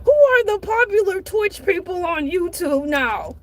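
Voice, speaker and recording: A woman doing a squeaky bragging shark man. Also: very animated, a little slow, full character voice. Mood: boastful. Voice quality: very high, squeaky put-on voice. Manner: boastful, rambling, giggly. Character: boastful cartoonish shark man streamer. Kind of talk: comedic character vlog.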